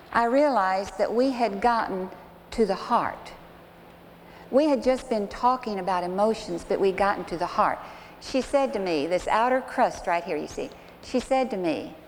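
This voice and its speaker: An earnest woman counselor tells a story from the pulpit, pausing to speak straight to her listeners. Her voice is caught with a long hall reverb and a faint steady hiss underneath. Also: mid-range voice. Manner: earnest, illustrative storytelling with direct asides. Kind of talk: sermon-style storytelling.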